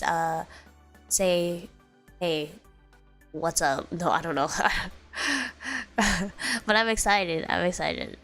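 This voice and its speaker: A woman's voice: on the low side, a bit bright. Congested young woman with a stuffy voice. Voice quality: nasal and stuffy. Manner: bubbly, rambling, switches between English and Japanese. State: congested from a cold. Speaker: streamer. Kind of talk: casual chat.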